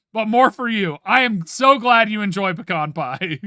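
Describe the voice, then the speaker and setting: High, animated man chatting with viewers. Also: measured pace, no room sound, studio quality. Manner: animated, playfully dramatic opinions. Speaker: streamer. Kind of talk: casual chat with stream viewers.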